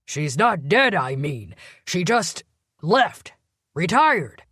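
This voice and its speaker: A woman narrator puts on a gruff older police commander for an audiobook, a man close to retirement who growls and snaps. The voice comes out louder and rougher, defensive and curt. The studio sound is dry and close. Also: fairly low pitch, sing-song, slow, no room sound, exaggerated voice. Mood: angry. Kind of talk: audiobook character voice.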